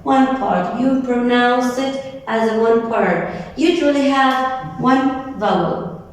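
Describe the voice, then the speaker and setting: Slow, deliberate woman teacher in an echoey room. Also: on the high side, recorded from a distance. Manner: slow, deliberate, repeats key words for young learners. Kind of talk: recorded grammar lesson for fourth graders. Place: classroom.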